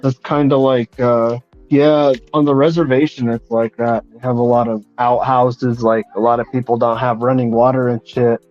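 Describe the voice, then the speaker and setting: A man's voice: mid-range voice, flat delivery, moderate pace, hardly any pauses, dull audio, faint music behind. A man chatting casually in a laid-back way, mostly giving brief replies. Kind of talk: casual chat.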